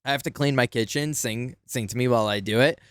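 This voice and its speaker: A man's voice: mid-range voice, fast, a bit bright, smooth, no echo. A man streaming a video game, chatting casually with viewers. He giggles often and pokes fun at himself. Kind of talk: casual gameplay commentary.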